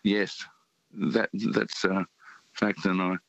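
An older Australian man calling in to a radio show, talking in halting phrases with many fillers. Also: deep voice, flat delivery, creaky, fairly bright tone, dry recording. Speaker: caller. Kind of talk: casual radio call-in chat. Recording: muffled phone line.

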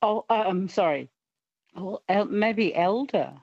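A woman's voice: medium pitch, takes it slowly, slightly rough, dry recording, highs cut off. A woman in her fifties calling a radio show, hesitant and self-deprecating, full of fillers. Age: 50s. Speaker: caller. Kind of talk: casual call-in chat. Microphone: phone line.

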